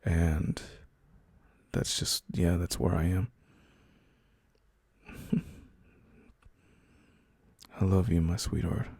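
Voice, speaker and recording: A man speaking softly and soothingly as a caring boyfriend in a whispered role-play. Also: sits low, level tone, creaky, breathy edge, no room sound. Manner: soft, slow, soothing reassurance.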